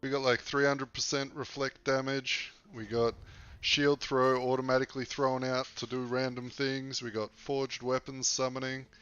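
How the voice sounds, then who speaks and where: A man's voice: mid-range voice, level tone, moderate pace, hardly any pauses, fairly bright tone, clean tone, dull audio. A young Australian man with an Australian accent chatting casually while streaming a game, loose and laid-back, swearing now and then. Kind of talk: casual livestream gaming commentary.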